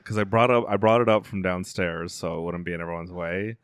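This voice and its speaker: A man's voice: deep voice, a little fast, clear, resonant tone, dry recording, studio quality. A man co-hosting a podcast in casual chat, rambling and hesitant, chuckling through his questions. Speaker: podcast co-host.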